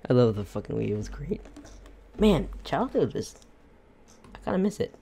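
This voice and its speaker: A young woman co-hosting a podcast in casual chat, lively and joking, swearing freely. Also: very deep voice, moderate pace, gravelly, slight background noise. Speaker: podcast co-host.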